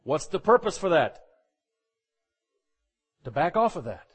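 A man preaches a sermon in a fairly high voice that swings widely up and down. He is animated and jokey, with humorous asides and acted-out quotes. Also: measured pace, breathy edge.

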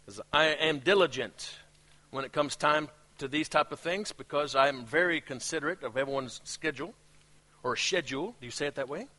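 A man with a non-native English accent preaching a sermon as a pastor, animated, laughing at his own asides. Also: fairly high pitch, a little fast.

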